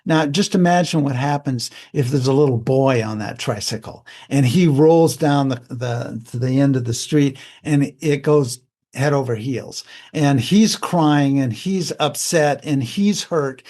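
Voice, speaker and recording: A man's voice: medium pitch, unhurried, darkish tone. Older man, candid psychologist guest. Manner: candid, plain-spoken, reflective. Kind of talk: conversational interview.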